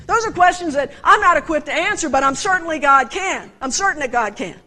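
A woman's voice: very high voice, animated, fairly quick, hardly any pauses, bright, forceful tone, poor audio. A woman preaching a sermon, telling personal stories with passion and asking her listeners rhetorical questions.

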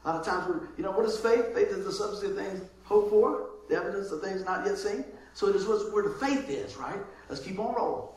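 A man preaching a sermon as pastor, lively, moving between loud calls and soft asides. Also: sits high, fairly quick, few pauses. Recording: very echoey room with faint noise.

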